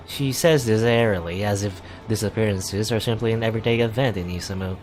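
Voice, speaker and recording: A man reading a visual novel aloud for a let's play, in a casual way with wry asides and quick self-corrections. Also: fairly low pitch, a little mellow, soft background music.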